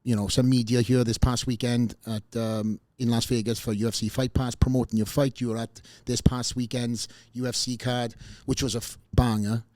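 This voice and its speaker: A male podcast host chats casually, teasing his guest and rambling with plenty of fillers. His voice is mid-pitched and recorded very dry and close. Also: flat delivery, normal speed, hardly any pauses, no echo. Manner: joking, rambling, warm sign-offs with fillers.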